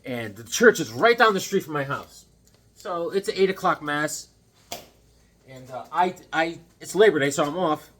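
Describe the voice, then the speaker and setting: A man's voice: fairly high pitch, lively intonation, normal speed, fairly bright tone. A man hosting a casual comic-collecting vlog, rambling between a personal story and show-and-tell of old issues. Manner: rambling, chatty, jumps between stories and comics. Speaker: comic book vlogger.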